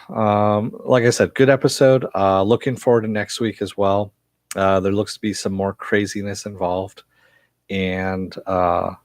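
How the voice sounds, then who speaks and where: A man's voice: on the low side, no room sound. A man casually recapping and reviewing a TV episode, rambling with many fillers. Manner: rambling, filler-heavy retelling.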